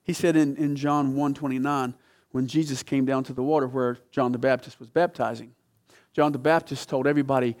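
A man preaching a sermon, telling a story with dramatic swings from loud emphatic peaks to hushed, low passages. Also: steady tone, a little fast.

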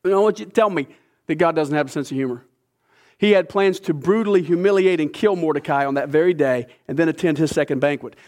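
A man preaching a sermon, retelling a scripture story with lively asides. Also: a little high, quick pace. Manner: animated storytelling, acting out characters. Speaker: pastor.

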